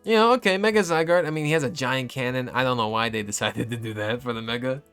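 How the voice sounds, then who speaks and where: A young man in casual, rambling game commentary, swearing often and turning loud and exasperated as he vents. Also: medium pitch, quick pace, clean tone, faint music behind. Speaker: video game reviewer.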